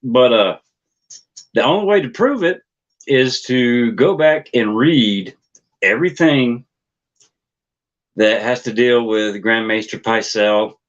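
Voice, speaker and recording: A man hosting his own theory channel, talking casually and haltingly on a livestream, with lots of fillers and restarts. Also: mid-range voice, lo-fi sound. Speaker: YouTube theory channel host. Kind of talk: casual rambling livestream chat.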